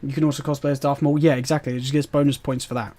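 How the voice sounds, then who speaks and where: A man's voice: medium pitch, flat delivery, rapid-fire, mellow. A British man streaming a game live, chatting and rambling as he answers his chat with fillers and laughs. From Britain. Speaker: gaming streamer.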